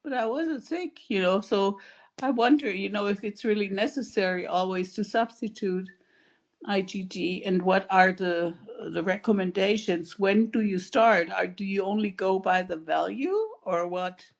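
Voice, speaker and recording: A woman's voice: medium pitch, moderate pace, highs cut off. A woman talking thoughtfully and asking questions, with many fillers, in an online support group. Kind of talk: casual video call chat. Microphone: video call.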